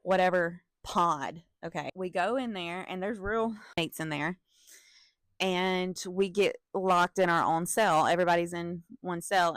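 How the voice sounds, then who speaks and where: A young woman telling a story from her school days in an animated, profane manner, with laughing asides to her viewers. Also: lowish voice, no echo, clean studio sound. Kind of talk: casual storytime vlog.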